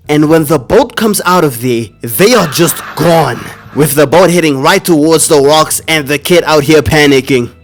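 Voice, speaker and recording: A man narrating a casual movie recap voice-over, slangy and joking, who breaks into loud outraged reactions. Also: a little high.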